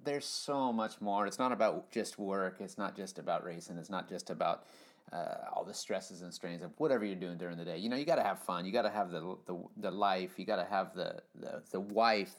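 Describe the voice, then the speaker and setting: A man on a podcast telling casual, rambling stories with lots of fillers and restarts. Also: deep voice. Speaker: podcast guest. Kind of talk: casual storytelling.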